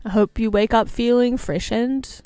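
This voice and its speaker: A young woman livestreamer chatting casually, playful and giggly, often trailing off into quiet mumbled asides. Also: a little high, fairly even intonation, a little slow, faint music behind. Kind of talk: casual stream chat.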